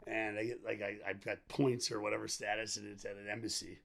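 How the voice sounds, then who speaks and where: A middle-aged man talks as a podcast guest, his voice sitting a little low. He tells his story candidly and at a wandering pace, breaking into quoted dialogue and laughter along the way. The talk is loose and unscripted. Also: a little fast, vocal fry. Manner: animated, rambling, acts out quoted dialogue, laughs often.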